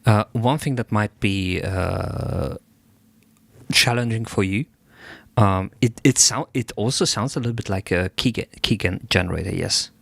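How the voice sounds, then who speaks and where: A man hosting a livestream, thinking aloud in an unhurried way as he gives feedback on a listener's track. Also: lowish voice, vocal fry, a bit bright, no echo, soft background music. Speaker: music producer giving track feedback.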